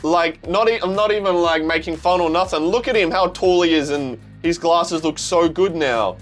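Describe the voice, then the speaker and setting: A young man with an Australian accent, excitedly reacting to a manga, swearing often and calling things crazy. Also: on the high side, normal speed, soft background music. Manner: excitable, swears, says "bro" a lot. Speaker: manga reaction channel host.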